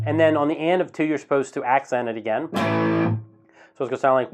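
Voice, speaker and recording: A man teaching a guitar strumming lesson in a relaxed, casual way, counting the beats slowly aloud. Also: medium pitch. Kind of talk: casual instructional talk. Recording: guitar playing in the background.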